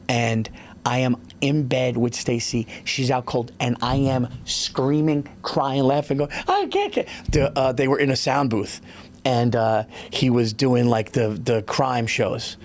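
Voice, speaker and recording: A middle-aged man hosting a podcast in casual chat, an animated storyteller who keeps jumping into high-pitched impressions. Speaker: podcast host.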